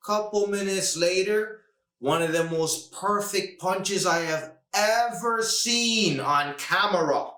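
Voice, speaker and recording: A man hosting a casual podcast, talking fast and emphatically about a fight, now and then mimicking other people. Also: high-pitched, sharp tone. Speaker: podcast host. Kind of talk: animated casual podcast rant. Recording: echoey room, distant mic.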